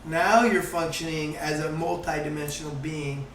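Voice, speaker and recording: A man talking in a casual group conversation, animated and swearing freely as he acts out quotes. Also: fairly high pitch, moderate pace, echoey room, distant mic, a little hiss or hum, low-quality recording. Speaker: guest, course founder.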